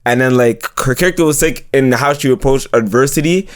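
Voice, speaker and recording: A man's voice: mid-range voice, fairly quick. A young man co-hosting a casual chat, giving frank, hedged opinions with many fillers. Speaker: co-host.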